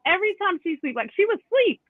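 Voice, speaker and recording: Woman guest, expressive chat, tinny phone-line sound, dry. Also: extremely high pitch, quick pace, no room sound. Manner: chatty, expressive. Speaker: podcast guest. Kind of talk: casual storytelling.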